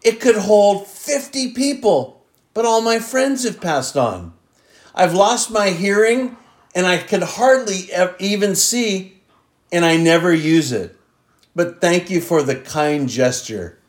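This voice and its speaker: A man's voice: high voice, animated, slow pace, pitched above the performer's own voice. A man voicing a frail elderly mother with a raised, quavering old-lady voice. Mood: plaintive. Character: elderly mother writing thank-you notes, frail and plaintive. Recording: roomy echo.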